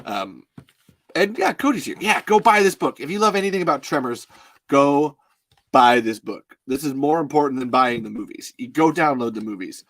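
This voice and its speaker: A man's voice: mid-range voice, lively intonation, moderate pace, a bit bright, no room sound. A man co-hosting a podcast, chatting casually in a rambling, self-deprecating way. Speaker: podcast co-host. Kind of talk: casual chat.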